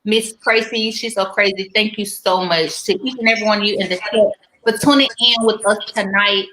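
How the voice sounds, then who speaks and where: Bright, lively woman hosting a live stream. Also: mid-range voice, a little fast, reverberant, poor audio. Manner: animated and silly, gets loud when excited. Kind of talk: casual live stream chat.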